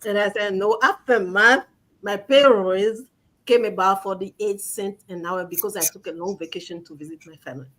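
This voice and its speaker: A woman's voice: mid-range voice, normal speed, fairly bright tone. A woman guest telling her story in a casual conversation, earnest and conversational. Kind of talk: casual chat.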